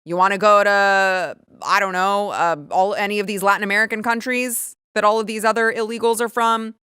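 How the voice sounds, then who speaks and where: A woman host delivers opinionated commentary in a sarcastic, indignant tone. She often stumbles and restarts as she builds her point. Her voice sits at a middling pitch and sounds close and dry, with almost no room in it. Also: steady tone, fairly quick, pushed and bright, smooth, no echo.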